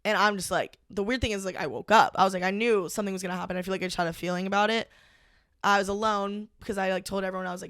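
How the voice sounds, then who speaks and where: A young woman, a podcast guest, recounting a personal story in casual conversation, halting and full of "like". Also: mid-range voice, steady tone, a bit bright, no echo, studio quality. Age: young adult. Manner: halting, heavy use of "like", emotional retelling.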